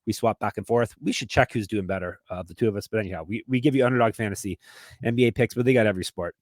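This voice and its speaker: A man's voice: fairly low pitch, dry recording. Dry-miked man co-hosting a podcast. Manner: brisk ad reads, relaxed banter. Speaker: podcast co-host. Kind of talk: casual sports betting podcast chat with read ads.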